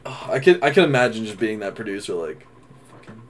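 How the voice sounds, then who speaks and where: Young male podcast co-host, rowdy laugh, pitch swinging up and down; casual chat. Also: quick pace, slight background noise. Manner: animated, swearing, loud bursts of laughter.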